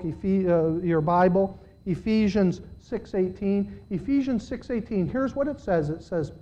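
A male pastor preaching a sermon. He speaks conversationally, questions the congregation directly, and swings between quiet and loud. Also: high-pitched, highs cut off. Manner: dramatic, with big swings in loudness.

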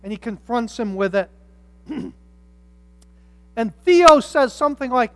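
A pastor preaching a sermon, telling stories with humorous asides and swinging from quiet reflection to loud emphasis. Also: mid-range voice, slow, pauses often, no echo. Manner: animated storytelling with humorous asides.

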